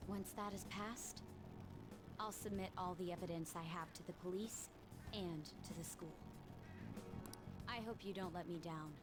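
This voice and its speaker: Woman doing stern student leader, measured, commanding, low voice, background music. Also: natural voice, low-quality recording. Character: stern teen girl student council president. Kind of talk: video game dialogue. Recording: game audio with music behind.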